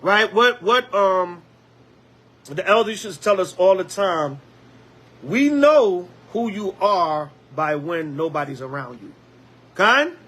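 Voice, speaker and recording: A man preaching a Bible lesson as an elder, lively, with call-and-response and acted-out quotes. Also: high-pitched, slow pace.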